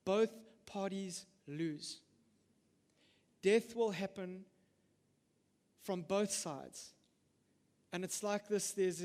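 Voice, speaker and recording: A middle-aged man delivers a sermon in a high, bright voice that rings through a church hall with a long reverb. He presses his points hard, tripping over his words and restarting them as he goes. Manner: emphatic, frequent stammered restarts. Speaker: pastor.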